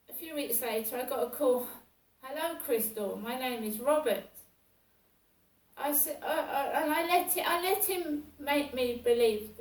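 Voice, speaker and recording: Woman, halting and rambling, slow, roomy distant sound. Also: a little high. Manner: rambling and halting, with many fillers and restarts. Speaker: vlogger. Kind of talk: casual personal storytelling.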